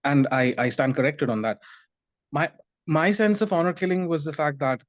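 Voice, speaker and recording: A man, a podcast guest thinking out loud in casual conversation with hesitant restarts. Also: on the high side, normal speed, dry recording, dull audio. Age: 30s.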